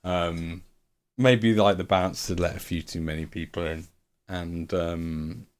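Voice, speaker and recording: A man's voice: sits low, fairly even intonation, takes it slowly. Rambling, sweary man. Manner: rambling, swearing, lots of fillers. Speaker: streamer. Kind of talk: casual storytelling.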